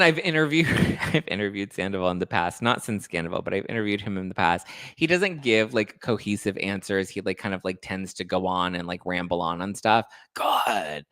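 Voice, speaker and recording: A male host chats casually in a gossipy, animated way. His voice sits fairly low but swings widely in pitch. The recording is dry, with no room echo. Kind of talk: casual chat.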